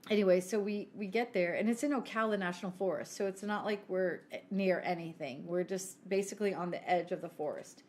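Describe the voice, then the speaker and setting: A middle-aged woman shares a family story on a podcast, lively and conversational. She acts out what people said. A faint noise sits under her voice. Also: fairly quick, few pauses. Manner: animated, acts out quoted people with big pitch jumps. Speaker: podcast co-host. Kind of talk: casual storytelling chat.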